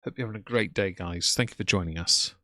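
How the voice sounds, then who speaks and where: A man's voice: low voice, quick pace, sharp tone, no echo. A man giving scornful, mocking commentary while reacting to another person's livestream and greeting his own chat. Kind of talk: live stream commentary.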